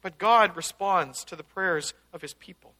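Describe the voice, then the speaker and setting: A man's voice: high-pitched, normal speed, sharp tone. A man preaching a conversational sermon, teaching casually and breaking into emphatic outbursts. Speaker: pastor.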